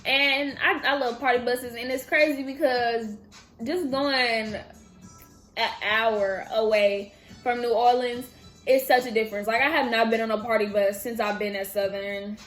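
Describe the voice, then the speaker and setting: With faint music in the background, a twenty-something woman from the Bay Area takes viewer questions for her vlog in an unhurried, fairly high-pitched voice. Her manner is animated and casual, full of laughter and sentences that drift off.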